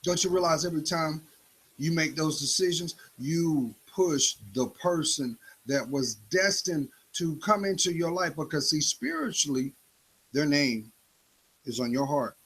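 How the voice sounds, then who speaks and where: A man's voice: on the high side, expressive, measured pace, fairly bright tone, breathy edge, low-quality recording. A man delivering a preachy spoken-word monologue, confronting the listener with rhetorical questions.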